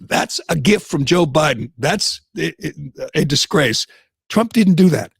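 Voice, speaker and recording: Gravelly, indignant talk-radio host man. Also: on the high side, big pitch swings, measured pace, no echo, clean studio sound. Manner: heated, indignant and sarcastic; mocks others in put-on voices. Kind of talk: opinionated talk radio rant.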